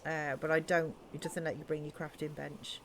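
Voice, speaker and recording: A woman's voice: low voice, little pitch movement, normal speed, slight background noise. A woman streaming a building game, chatting casually and thinking aloud with many ums. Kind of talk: casual live-stream chat.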